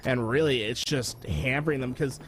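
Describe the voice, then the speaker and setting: A man commentates a shooter tournament in an easy, talkative way, trading banter with his partner. Gunfire and clicks from the game crackle under his voice, and the line carries a steady hiss of noise. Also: mid-range voice, normal speed. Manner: relaxed, chatty banter with laughs. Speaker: esports color commentator. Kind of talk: live esports commentary. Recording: noisy broadcast with game gunfire behind.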